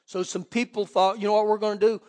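High-voiced pastor preaching in a hall. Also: male voice, quick pace. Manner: animated storytelling with quoted voices. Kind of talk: sermon. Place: church sanctuary.

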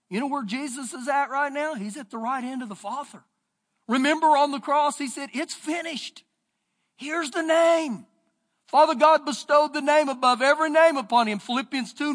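Man, Texan accent, pastor, sermon, shifting pitch and loudness, long hall echo. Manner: preaching with swings in pitch and loudness. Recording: church sermon with long reverb.

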